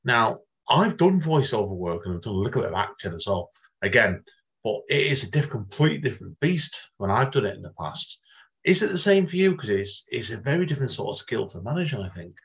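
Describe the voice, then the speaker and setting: Rambling low-voiced male host. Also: sing-song, a little fast, vocal fry, fairly bright tone. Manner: rambling, repeats himself, many restarts. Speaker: interview host. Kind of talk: casual interview chat.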